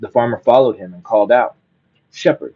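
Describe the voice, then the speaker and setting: A man's voice: lowish voice, phone-quality sound. A man reading a bedtime story aloud, breaking off now and then to muse casually on it. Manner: reads slowly, breaks off into musing casual commentary.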